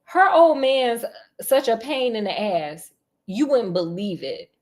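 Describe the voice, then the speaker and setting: A man's voice: extremely high pitch, animated, takes it slowly, full character voice. A woman voicing a cocky, smart-mouthed teenage schoolboy in a storybook reading, talking flippant and brash.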